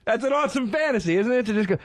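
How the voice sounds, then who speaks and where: A man's voice: extremely high pitch, lively intonation, very fast. A man co-hosting a radio comedy show from a studio, loose and profane, acting out scenes as he talks. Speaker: radio co-host.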